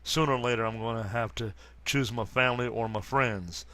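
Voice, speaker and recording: A man reading aloud the lines of a weary young superheroine in a flat, plain delivery, with few pauses. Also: medium pitch, no echo, close to an everyday voice.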